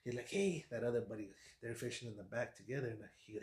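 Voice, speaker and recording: A man, a fishing guide on a podcast, telling stories in a casual, lively way and acting out what people said. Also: mid-range voice, fast, few pauses, reverberant. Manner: animated storyteller, acts out quotes, laughs often. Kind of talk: casual storytelling chat.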